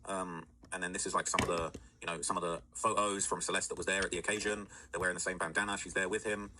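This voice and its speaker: A man's voice: low voice, little pitch movement, fast, bright, forceful tone, rough recording. A man hosting casual commentary, talking in a rambling way with many fillers and "all right?" checks. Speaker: commentary host.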